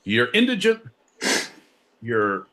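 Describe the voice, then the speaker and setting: A man's voice: mid-range voice, wildly swooping pitch, slow, fairly bright tone. A man co-hosting a live comedy podcast, ranting in a profane, theatrical way with mock-Shakespearean flourishes. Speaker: podcast co-host. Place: live show venue.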